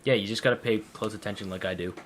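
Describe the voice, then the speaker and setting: A man's voice: fairly low pitch, steady tone, racing, crowd noise. A man co-hosting a podcast, making dry, laid-back remarks during a gaming session. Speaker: podcast co-host. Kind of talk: casual chat while playing a game.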